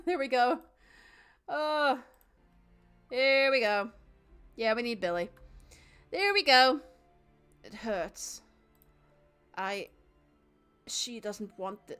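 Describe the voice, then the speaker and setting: Young woman streamer, reads the game out dramatically, chats with her cat and chat, kinda high voice. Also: a little slow, pauses often, smooth, soft background music. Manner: chatty and animated, reads narration with dramatic flair, talks to her cat and chat. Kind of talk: live let's-play with dramatic reading of game text.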